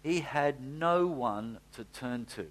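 A middle-aged man preaching a sermon, telling the story with animated swings from loud to hushed. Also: mid-range voice, takes it slowly. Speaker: pastor.

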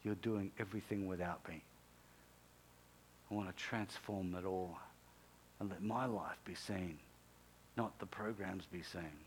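Man doing god, low and quiet, slow and serious. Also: fairly even intonation, a little hiss or hum. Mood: stern. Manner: slow, hushed, grave. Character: God, a calm, stern, deep-voiced male deity.

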